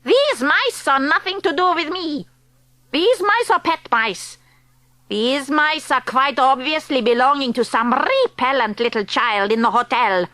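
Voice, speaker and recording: An actress doing an imperious old witch queen for an audiobook, her voice pitched high and bright with wide swoops. She lays out her wicked plans slowly, with oddly mangled grammar. The sound is close and dry. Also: animated, no echo, full character voice. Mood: gloating. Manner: commanding, drawn-out, with mangled foreign-sounding grammar. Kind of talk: audiobook character reading.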